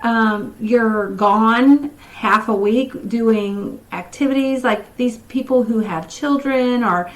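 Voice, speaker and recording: A woman's voice: fairly high pitch, slow, hardly any pauses, rough recording. A woman co-hosting a health livestream, talking in a rambling, friendly way. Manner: rambling, friendly, many fillers. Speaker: co-host. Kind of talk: casual livestream chat.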